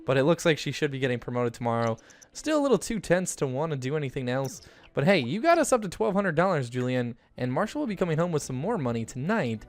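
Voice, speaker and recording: A man giving casual, chatty commentary while playing a life-simulation game, getting excited and jumping up in pitch when something good happens. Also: fast. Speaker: gaming YouTuber. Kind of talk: casual let's-play commentary.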